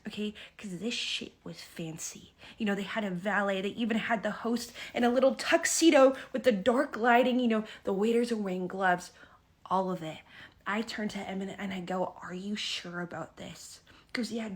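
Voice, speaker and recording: A young woman telling a dating story for an animated storytime, dramatic and swearing, with frequent "okay?" asides. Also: a little high, husky.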